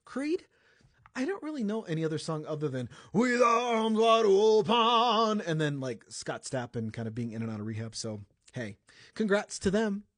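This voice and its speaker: A man's voice: a little high, sing-song, fairly quick, darkish tone, no echo. A young man from the United States hosting a casual celebrity news podcast, chatty and joking, correcting himself as he goes. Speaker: podcast host.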